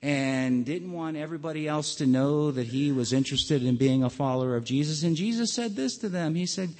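A man preaching a sermon as pastor, earnest and halting, often restarting his words. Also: on the high side, long reverb tail.

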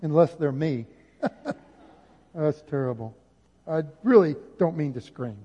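A male pastor preaching an impassioned sermon, rising at times to near shouting. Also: on the high side, expressive, slow pace, breathy edge. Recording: dull audio with long hall reverb.

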